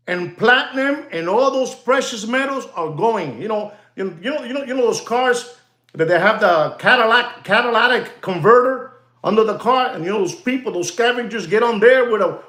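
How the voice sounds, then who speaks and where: A man hosting a watch market show, talking in a rambling, excitable way and often calling out to ladies and gentlemen. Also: very high-pitched, reverberant. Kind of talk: rambling market commentary monologue.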